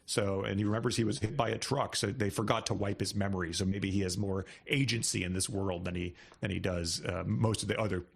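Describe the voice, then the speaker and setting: A man's voice: fairly low pitch, steady tone, a little fast, gravelly, hardly any pauses, husky. A man co-hosting a book podcast, explaining things in a chatty way and laughing often. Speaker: podcast co-host. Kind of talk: casual book discussion.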